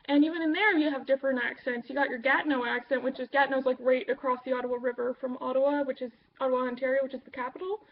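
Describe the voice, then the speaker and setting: A woman's voice: high voice, steady tone, racing, hardly any pauses, highs cut off. A Canadian woman with a Canadian accent chatting casually to camera, rambling with lots of ums and uhs. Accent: Canadian English. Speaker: vlogger.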